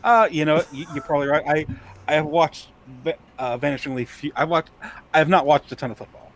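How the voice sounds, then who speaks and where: A man co-hosting a podcast in casual chat, talking haltingly with many restarts. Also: a little high. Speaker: podcast co-host.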